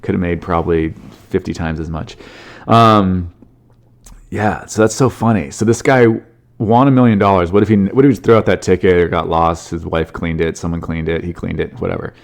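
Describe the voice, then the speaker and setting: A man's voice: sits low, steady tone, fairly quick, vocal fry. A man hosting a solo comedy podcast, rambling and joking through news stories and swearing freely. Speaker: podcast host.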